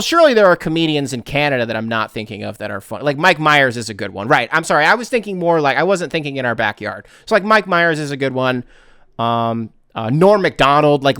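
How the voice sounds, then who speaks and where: A man's voice: mid-range voice, fairly bright tone, clear, resonant tone, no room sound, clean studio sound. A man from the United States hosting a casual solo podcast, rambling and correcting himself as he talks. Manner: rambling, self-correcting, conversational. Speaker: podcast host.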